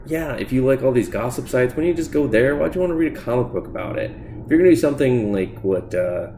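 A man's voice: lowish voice, darkish tone, a little hiss or hum. A man giving blunt, profane, sarcastic comic book reviews in a casual solo podcast. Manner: blunt, profane, sarcastic rants with mocking asides.

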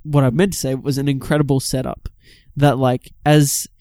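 A man's voice: mid-range voice, level tone, normal speed, dark tone, dry recording, clean studio sound. A man co-hosting a casual film review podcast, rambling with many restarts and fillers. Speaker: podcast co-host.

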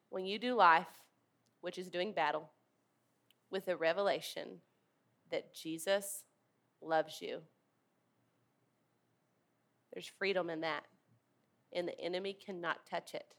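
A woman preaches a sermon earnestly and emphatically, leading the congregation in call-and-response as they repeat words back to her. Her voice is on the low side, steady and a bit bright, and she takes it slowly with frequent pauses.

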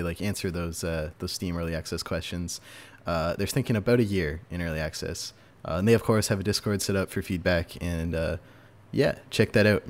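A man hosting a casual podcast chat, talking loosely with fillers and frequent laughs. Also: low voice. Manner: chatty, laughs often, fillers. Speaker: podcast host.

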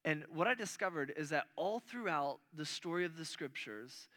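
A male preacher with a bright, forceful voice pitched a touch high. He talks to the congregation like a friend, stumbling and restarting phrases, then pushing his voice up to land a point. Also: animated, normal speed. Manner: conversational preaching with frequent restarts, voice rising on key points. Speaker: pastor. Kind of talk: sermon.

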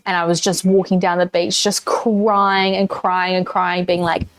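A woman's voice: fairly low pitch, flat delivery, a little slow, no room sound. A woman with a New Zealand accent hosting a solo podcast, telling a personal story candidly in casual talk and swearing freely. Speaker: podcast host.

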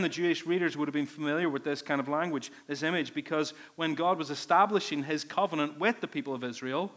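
A pastor preaches earnestly and emphatically, leaning on repeated phrases. His male voice is on the high side with a fairly bright tone.

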